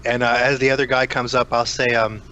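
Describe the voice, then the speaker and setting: Bright sharp-voiced guy playing a tabletop rpg, lots of ums, slight background hiss. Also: medium pitch, little pitch movement, a little fast, dull audio. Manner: hesitant, many ums, laughs, swears casually. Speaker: player. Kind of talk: casual tabletop play.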